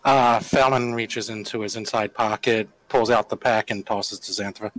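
A man in a tabletop game, calmly narrating what his character does. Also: lowish voice, moderate pace, dry recording, rough recording. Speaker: player.

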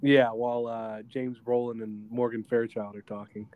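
A man co-hosting a podcast, casually retelling a film in animated fashion and slipping into quick voice impressions. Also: mid-range voice, phone-quality sound. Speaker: podcast co-host reviewing a film. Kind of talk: casual chat.

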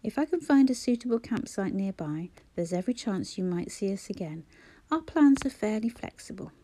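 Woman playing a polite young mother, wry, mellow voice. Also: medium pitch, expressive, normal speed.

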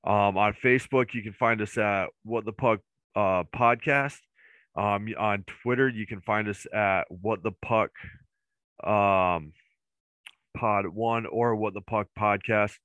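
Bright-voiced American podcast host. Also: male voice, fairly low pitch, slow pace, dry recording, lo-fi sound. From northern US near Canadian border. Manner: rambling, filler-heavy, jokey. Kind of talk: casual podcast chat.

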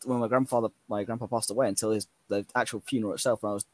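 A man's voice: lowish voice, fairly even intonation, very fast. A man, talking earnestly and from the heart in a casual chat, his voice rising whenever he quotes himself. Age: 30s.

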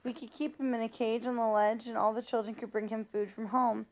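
A young female teacher talks eagerly in a storybook reading, as a woman reads her part. She gushes but keeps a practical tone, and the voice sits slightly high. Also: fairly even intonation, a little fast, dull audio, close to an everyday voice. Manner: gushing, sensible.

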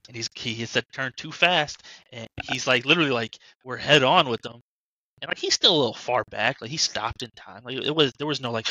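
Bright-voiced young man telling a story. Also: mid-range voice, no echo, low-quality recording. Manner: storytelling, swears freely. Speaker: podcast co-host. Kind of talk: casual chat.

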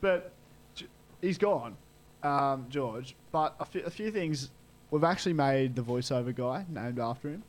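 A man's voice: medium pitch, animated, unhurried. A young man, co-hosting a student radio show in rambling casual chat with dry jokes.

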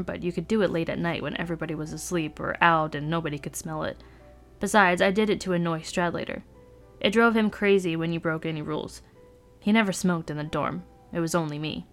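A woman podcast host reading a first-person novel aloud in a brooding, sardonic narration. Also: on the low side.

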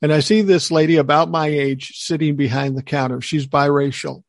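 Older man, animated storyteller. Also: fairly high pitch, moderate pace, no echo, studio quality. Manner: animated storyteller acting out quoted voices. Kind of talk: casual storytelling chat.

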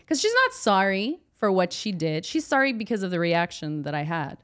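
A woman's voice: medium pitch, big pitch swings, brisk, few pauses. A woman tells a story from work on a casual podcast. She acts out each person's lines, swears freely, and swings her voice up and down as she goes. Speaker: podcast co-host. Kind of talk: casual chat.

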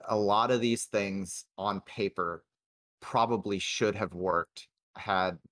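A man co-hosting a casual chat, giving measured, hedging critique of a show. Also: on the low side, fairly bright tone, no echo. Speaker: podcast co-host.

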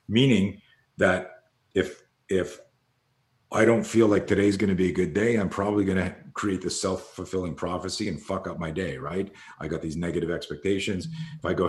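A man's voice: low-pitched, fairly quick, roomy sound. An older man telling rambling stories in casual conversation, swearing freely and acting out what people said. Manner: rambling storyteller who swears freely and acts out quotes. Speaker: podcast guest, fear coach.

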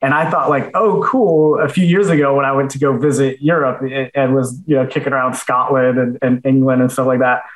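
A man with an American accent chatting as a podcast guest in a relaxed way. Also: medium pitch, a little fast, few pauses. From United States. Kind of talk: casual podcast chat. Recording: echoey room sound.

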